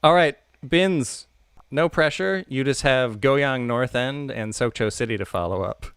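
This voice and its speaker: Man, gravelly, teasing podcast host. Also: mid-range voice, a little slow, a bit bright, no room sound, studio quality. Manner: teasing, counts in the speaker.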